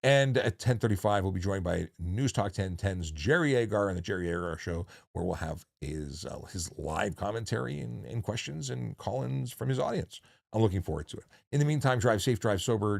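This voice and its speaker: Gravelly low-voiced man hosting a stream. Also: no room sound, studio quality. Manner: jokey, rambling with many restarts. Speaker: livestream host, former police officer. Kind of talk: casual livestream chat.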